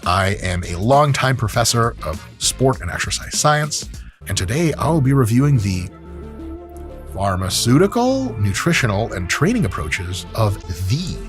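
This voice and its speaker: A man's voice: medium pitch, very animated, a little slow, soft background music. A man who is a sport science professor, commenting brashly and with profanity in a video review.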